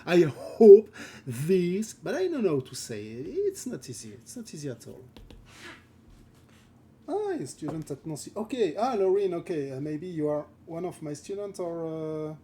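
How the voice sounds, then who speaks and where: A man's voice: a little high, big pitch swings, moderate pace, mellow, a little hiss or hum. A man with a French accent chatting casually while drawing on a live stream. He halts, searches for English words and laughs often. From France. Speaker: concept artist streaming live.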